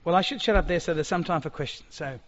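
A man preaching a sermon, animated and acting out quoted speech, in a church hall. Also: fairly high pitch, quick pace. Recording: long-reverb hall, dull sound.

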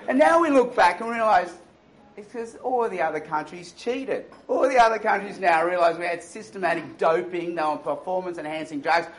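A man's voice: high-pitched, moderate pace, rough recording. A man preaching a sermon, telling stories and mocking smug attitudes with playful impressions. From Australia. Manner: animated storytelling with mocking impressions.

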